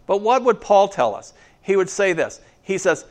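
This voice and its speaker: A pastor preaches a sermon conversationally in a high, sing-song voice at a moderate pace, adding wry asides and repeatedly asking "okay?"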